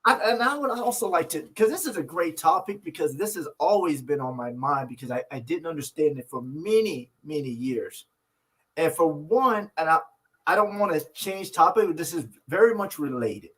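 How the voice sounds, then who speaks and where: Guy cohost thinking out loud, earnest, kinda high voice, stumbles a bit. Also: animated, moderate pace, poor audio. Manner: earnest, reflective storyteller, many restarts. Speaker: podcast co-host. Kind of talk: casual couple chat.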